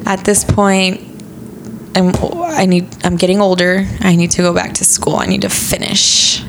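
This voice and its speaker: Woman chatting casually, slightly gravelly voice, lots of ums and likes, acts out the voices in her story. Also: fairly low pitch, flat delivery, moderate pace, background noise. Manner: chatty, many fillers, acts out quoted speech. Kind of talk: casual conversation, personal story.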